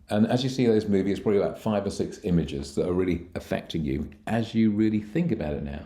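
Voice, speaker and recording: A middle-aged man, a mind coach, calmly guiding the listener through techniques for handling anxiety, speaking straight to them. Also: fairly low pitch. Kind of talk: instructional coaching talk.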